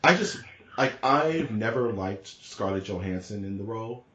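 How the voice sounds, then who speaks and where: Lower-voiced excitable man in echoey room. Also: moderate pace, muffled recording, slight background noise. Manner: excitable, rambling, slangy. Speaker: podcast co-host. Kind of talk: casual chat.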